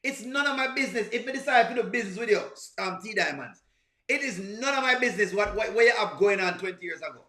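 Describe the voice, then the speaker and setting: A man's voice: high voice, expressive, fast, bright, forceful tone, echoey room. A man with a Jamaican accent hosting a reaction livestream, laughing often and repeating phrases as he chats with viewers. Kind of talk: casual chat with live viewers.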